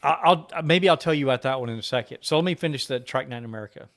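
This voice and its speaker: A man's voice: mid-range voice, very fast, a bit bright. A man co-hosting a casual podcast, telling a long anecdote and acting out the quoted exchanges with other drivers. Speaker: podcast co-host. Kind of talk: casual storytelling chat.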